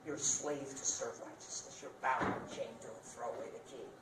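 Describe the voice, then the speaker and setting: A man preaching a sermon with dramatic swings between loud bursts and hushed lines, playful and laughing at himself now and then. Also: mid-range voice, steady tone, brisk, heavy background noise. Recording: roomy sound picked up from a distance.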